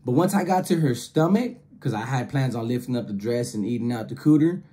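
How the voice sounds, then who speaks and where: A man spinning a casual story in heavy slang, jumping between his own voice and quick put-on voices for others. His voice sits at an everyday pitch with a dark, mellow tone. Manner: slangy, animated, acts out quoted voices. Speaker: storyteller host.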